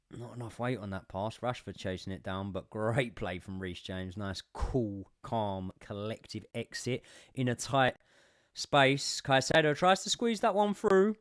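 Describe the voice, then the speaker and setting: A young man giving sweary live commentary as a football fan on a watchalong stream, swinging from muttering to shouting. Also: fairly low pitch, clear, resonant tone, no echo, studio quality.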